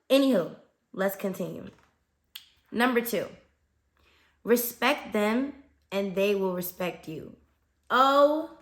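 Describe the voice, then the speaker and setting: A young American woman, a fifth grade teacher, giving casual animated advice on her podcast with frequent "okay?" check-ins. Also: medium pitch. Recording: echoey room.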